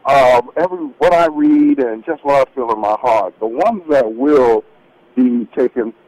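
A man calling into a radio program, speaking haltingly and searching for his words. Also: mid-range voice, a little mellow, no echo, rough recording. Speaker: caller. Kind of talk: call-in radio conversation.

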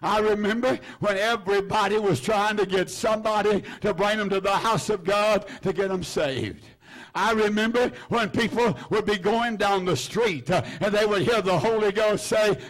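A high-pitched older man preaches. He is fervent and repetitive, circling back to the same lines and filling gaps with "uh" and "hallelujah." It is a sermon delivered to a congregation. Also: normal speed, fairly bright tone. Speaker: pastor.

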